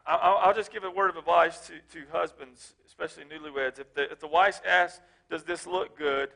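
A man preaching a sermon as pastor, swinging from shouted emphasis to low, joking asides. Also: steady tone, a little fast, creaky. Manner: casual, joking, speaks of his wife.

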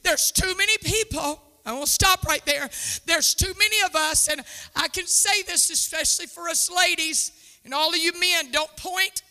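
A woman pastor preaching a sermon with a sing-song cadence, rising to bursts of shouting and laughing now and then. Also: very high-pitched, moderate pace, big-room sound. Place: church sanctuary.

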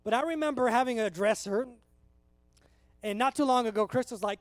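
A man in his thirties from California with a very high voice, preaching an earnest, conversational sermon. The sound is close and dry, with no room echo. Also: brisk. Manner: earnest, conversational, emotional at times. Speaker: pastor.

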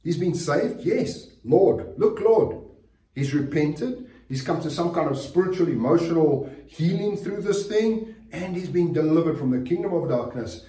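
A male pastor preaching an earnest sermon, repeating key phrases and letting his voice sink softly at the ends of lines. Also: fairly high pitch, expressive, moderate pace, few pauses. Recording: roomy, distant church recording.

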